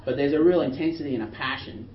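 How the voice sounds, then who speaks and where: A man's voice: medium pitch, fast talker. A man preaching a sermon, earnestly reading scripture with rising emphasis. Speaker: pastor. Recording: roomy distant dull recording with faint noise.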